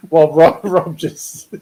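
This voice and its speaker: A man's voice: a little high, dark tone, a little hiss or hum, low-quality recording. A man co-hosting a podcast over an online call, chatty, often laughing and restarting his sentences. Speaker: podcast co-host. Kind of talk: casual chat.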